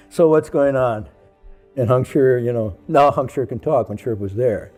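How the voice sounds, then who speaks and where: A man's voice: mid-range voice, a little slow, faint music behind. A man who is a Buddhist monk, telling stories about his teacher and acting out the people in them. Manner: animated, acts out the people in his story. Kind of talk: anecdotal storytelling.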